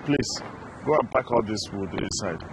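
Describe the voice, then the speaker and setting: Tired nigerian shop owner, outside, traffic noise behind. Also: male voice, lowish voice, expressive, normal speed. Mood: weary. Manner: weary, tired-sounding. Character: tired, unwell middle-aged shopkeeper. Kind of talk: film drama acting. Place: outdoors by a shop. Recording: outdoor film scene with street noise. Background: street and vehicle noise.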